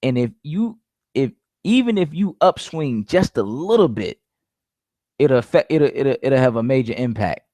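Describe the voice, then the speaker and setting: His voice is mid-range, sing-song and dark in tone, moving at normal speed: a network marketing coach offering casual sales tips. He stresses points by repeating them and calls everyone "guys," with no room sound in the recording.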